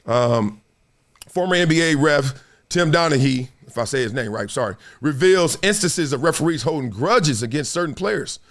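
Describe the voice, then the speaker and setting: A male host talks through sports stories in a lively, bouncing voice that swings widely in pitch. He is profane and animated and keeps acting out scenes as he riffs. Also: moderate pace. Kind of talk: casual commentary show.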